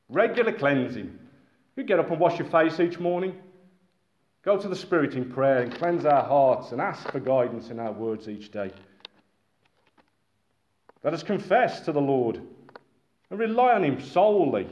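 A man delivering a lively sermon, his voice sitting a little high and swinging widely as he exclaims and calls out to his friends in the pews. The sound is roomy and echoing, a bit muffled, with a faint hiss underneath. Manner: animated, exclaiming and addressing listeners as friends. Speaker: preacher. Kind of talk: sermon to a congregation. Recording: echoey, muffled room recording with faint noise.

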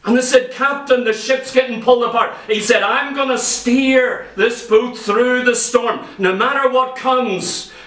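High-voiced, impassioned preacher man. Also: a little slow, a bit bright. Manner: impassioned, acts out quoted voices in stories. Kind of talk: sermon. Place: church. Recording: echoey church from far off.

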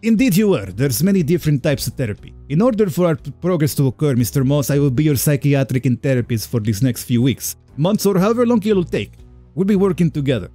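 A man's voice: fairly high pitch, lively intonation, quick pace, mellow, faint music behind. A man voicing an eager, overly friendly male psychiatrist in a put-on Spanish-type accent, read from a visual novel game. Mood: cheery.

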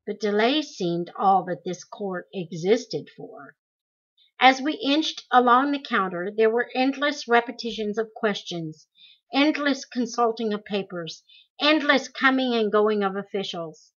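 A woman reading a memoir aloud in slow, deliberate storytelling. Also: a little high, lively intonation, a bit bright, lo-fi sound. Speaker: audiobook reader.

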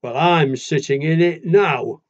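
A man voicing a big, grumpy, possessive picture-book animal that talks slowly and loudly. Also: fairly high pitch, muffled recording, natural voice. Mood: blustering. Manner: loud, slow and blustering.

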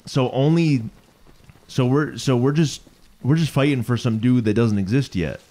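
A man's voice: medium pitch, moderate pace, dark tone. A young man watching a friend play a video game, joking and teasing casually. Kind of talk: casual gaming chat.

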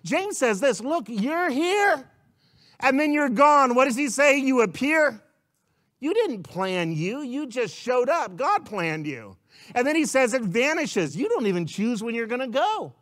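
A pastor delivers a sermon in a high, light voice. He keeps it conversational and animated, tossing questions to the congregation and slipping into quick voices of doubters. He is a man at ease with his flock.

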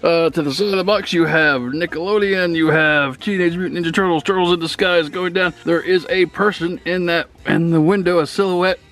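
A man giving a casual, excitable unboxing review of a toy set, gushing and gasping with delight as he describes each detail, a little out of breath. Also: a little high, a little fast, hardly any pauses. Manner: excitable, breaks into gasps and squeals of delight.

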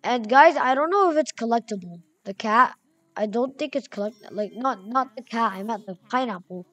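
A young woman giving excitable, chatty commentary while playing a video game, reading names aloud as she goes. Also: a little high, normal speed, no room sound, faint music behind. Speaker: gamer. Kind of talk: gameplay commentary.

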